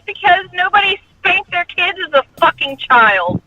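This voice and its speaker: A woman's voice: high voice, lively intonation, a little slow, hardly any pauses, lo-fi sound, heavy background noise. A woman co-hosting a morning radio show, joking crudely and laughing in casual banter.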